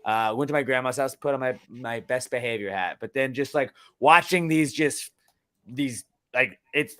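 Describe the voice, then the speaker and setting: A young man co-hosting a sports podcast, ranting heatedly and with lots of swearing, jumping between loud outbursts and low muttering. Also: moderate pace. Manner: heated, profane, swings from shouting to muttering. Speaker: podcast co-host. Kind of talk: casual sports podcast rant.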